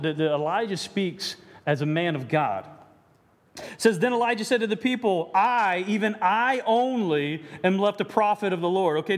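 A man's voice: high-pitched, in a large hall. A man preaching a sermon, reading scripture aloud and then riffing on it with jokes and self-deprecating asides, often restarting his words. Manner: frequent stammered restarts. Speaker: pastor.

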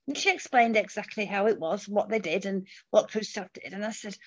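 A woman's voice: mid-range voice, a little fast, few pauses. A middle-aged woman from England, a former dancer, telling a story in casual chat and acting out the people she quotes. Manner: animated, acts out quoted voices. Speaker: guest. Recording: dull lo-fi audio.

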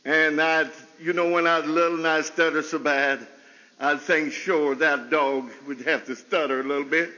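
A man preaching a folksy sermon with a stutter, often laughing and leaping into high bursts. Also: steady tone, moderate pace, sharp tone, big-room sound, muffled recording. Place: chapel service.

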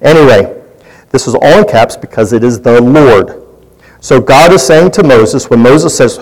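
A man's voice: medium pitch, a little slow, darkish tone, rough recording. Man leading a chatty Bible study. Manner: conversational, poses questions to the group. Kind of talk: interactive Bible teaching.

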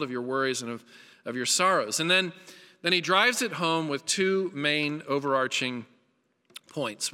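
A man preaches with an earnest, emphatic delivery, his bright, forceful tone carrying through a hall with a long reverb. His voice sits a little high for a man, and he hammers his points home by repeating them. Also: clean tone. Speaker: pastor. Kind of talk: sermon.

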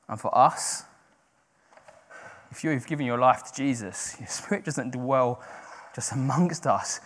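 Man preaching with surging, then hushed emphasis. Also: high-pitched, very animated. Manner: swings from hushed, slow emphasis to loud, rising exhortation; self-correcting, with brief laughs. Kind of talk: sermon.

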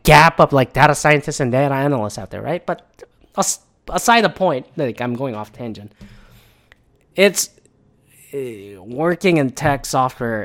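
A man's voice: a little high, a bit bright. Profane rambling man in his thirties. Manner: profane, rambling, goes off on tangents. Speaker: tech worker ranting on current events. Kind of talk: casual monologue rant.

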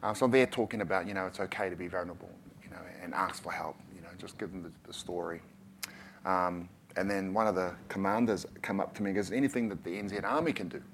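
Deep-voiced man from New Zealand, earnest. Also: fast talker, slight background noise. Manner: plain, earnest, with frequent "you know". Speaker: guest community leader and author. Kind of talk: earnest talk on a panel.

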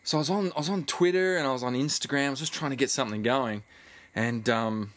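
A man's voice: medium pitch, fast talker, a bit bright. A young Australian man on a podcast, telling a story with lots of laughs and swearing. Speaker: podcast co-host. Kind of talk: casual chat.

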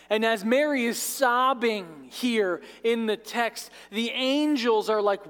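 A man's voice: very high-pitched, takes it slowly, few pauses, a bit bright, smooth. A male pastor preaching a sermon in a church sanctuary, conversational with light asides and jokes. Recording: reverberant large church hall.

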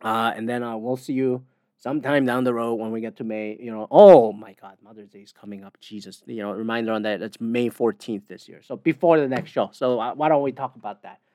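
A man's voice: medium pitch, fairly quick, a little mellow, dry recording, clean studio sound. A man from the United States hosting a podcast alone, ranting in a heated, profane, rambling way. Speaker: podcast host. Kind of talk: casual solo rant.

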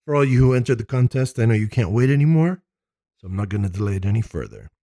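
A man hosting a casual tabletop games podcast, animated and quick to laugh, recording in a makeshift home studio. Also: mid-range voice, no room sound. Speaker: podcast host.

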